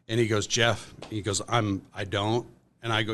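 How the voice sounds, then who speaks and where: Forceful low-voiced man telling stories. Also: a little fast, slight background noise. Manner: rambling anecdotal storytelling with many fillers. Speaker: podcast guest. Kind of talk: casual storytelling.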